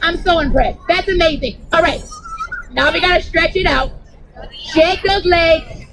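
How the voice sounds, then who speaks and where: Slow, deliberate young woman, playful kids' movement coach outdoors. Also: extremely high pitch, background noise. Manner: playful, cheering, coaching kids through moves. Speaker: children's movement instructor. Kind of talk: energetic movement class for children. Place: outdoors on grass.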